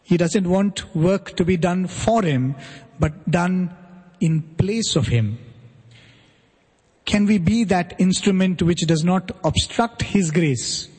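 Man, devotional talk, earnest storyteller, raspy tone, long hall echo. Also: sits high, takes it slowly, a little mellow. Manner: earnest, checks in with listeners by asking "right?". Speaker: spiritual speaker.

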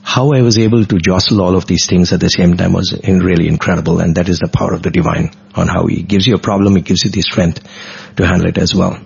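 A man's voice: low-pitched, fairly even intonation, fast talker, gravelly, slightly rough. A middle-aged man, earnestly recounting a devotional personal story in vivid detail in an interview. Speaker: guest. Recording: dull lo-fi recording.

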